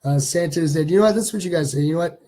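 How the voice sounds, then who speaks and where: A man's voice: a little high, racing, mellow. A man from Canada hosting a casual live-stream show, chatting loosely and reading viewer comments aloud as he goes. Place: home studio.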